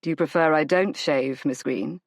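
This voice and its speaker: A woman voicing a reclusive male duke who speaks in a quiet, clipped, formal way. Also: low-pitched, normal speed, dry recording, studio quality, voice pushed down. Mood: reserved.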